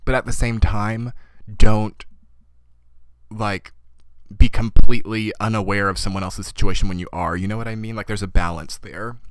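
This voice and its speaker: A man's voice: on the low side, no echo. A man giving a casual tarot reading and losing his voice a little, rambling and talking with many "you know" and "like" fillers. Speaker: tarot reader.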